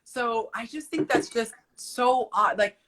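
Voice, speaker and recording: A woman's voice: a little high, slow, a bit bright. A woman arguing her views emphatically in a casual live conversation. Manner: emphatic, opinionated. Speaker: guest on a live stream.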